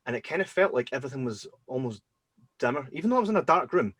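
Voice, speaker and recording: A man hosting a podcast, telling personal stories in a casual, animated way and acting out his own reactions. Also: medium pitch, quick pace, slightly rough, dry recording. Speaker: podcast host. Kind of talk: casual storytelling chat.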